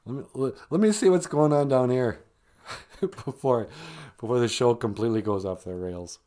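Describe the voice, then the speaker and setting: A man hosting a comedic live stream, rambling with chuckles and deadpan asides. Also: medium pitch, moderate pace. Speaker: host of a live stream show.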